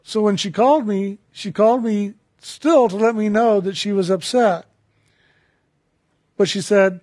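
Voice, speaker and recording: A man who is a spiritual teacher, retelling a conversation in a calm, reflective talk with repeated phrases. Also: high voice, a little slow, dry recording, clean studio sound.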